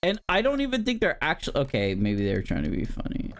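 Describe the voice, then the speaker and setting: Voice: mid-range voice, wildly swooping pitch, brisk, slight background noise. A streamer chatting casually with viewers while playing a horror game, talking directly to the chat and giggling often.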